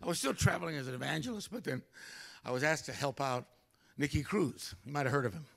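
An older male pastor telling a story during a sermon, animated, acting out other people's voices. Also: fairly high pitch, quick pace, vocal fry. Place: church.

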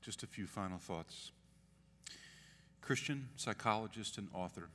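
A man, a pastor, giving a memorial eulogy with earnest, emphatic delivery that swells to sudden loud peaks. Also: on the low side, measured pace, a little hiss or hum. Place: church sanctuary. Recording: long church hall reverb.

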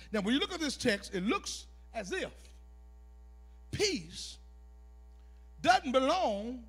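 A male pastor preaching a sermon, dropping to a hush and then building to shouts with the congregation. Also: husky. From Texas. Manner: builds from low, hushed delivery to shouted call-and-response preaching. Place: church sanctuary.

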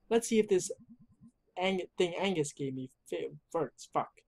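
A gaming YouTuber giving goofy, excitable let's-play commentary. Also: mid-range voice, moderate pace.

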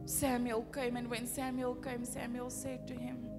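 A woman's voice: on the high side, monotone, unhurried. A woman pastor with a South African accent, preaching a fervent sermon full of rhetorical questions in a church hall. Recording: reverberant hall with faint music.

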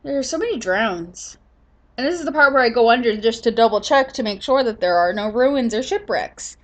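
A woman's voice: a little high, expressive, brisk. Sleepy woman rambling over gameplay. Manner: rambling, with many fillers and restarts. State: sleepy, yawning. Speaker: gaming channel host.

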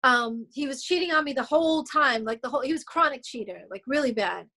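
A woman's voice: high-pitched, brisk, bright, forceful tone. A middle-aged woman, a singer being interviewed, speaking bluntly and emphatically, swearing freely and acting out what others said. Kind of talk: candid interview chat.

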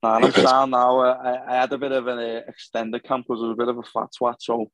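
A man's voice: medium pitch, monotone, fast, background noise. A young man, an MMA fighter, chatting casually on a podcast in a blunt, sweary way. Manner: blunt and sweary, calls everyone lad.

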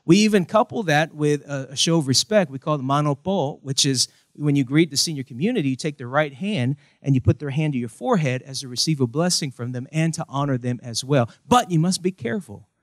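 A young American pastor delivers a humorous sermon, animatedly acting out the voices in his stories. His voice is fairly high and brisk with hardly any pauses, recorded at studio quality with no room sound.

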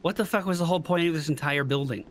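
A man's voice: fairly high pitch, quick pace, a little hiss or hum. A man giving casual game commentary with dry, wisecracking banter. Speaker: co-op let's play gamer.

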